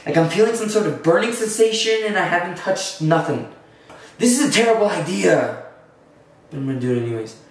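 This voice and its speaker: A man's voice: high-pitched, expressive, a little fast. A young man vlogging casually in his bathroom, joking and self-conscious as he rambles. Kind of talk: casual vlog chat. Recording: echoey bathroom, faint noise.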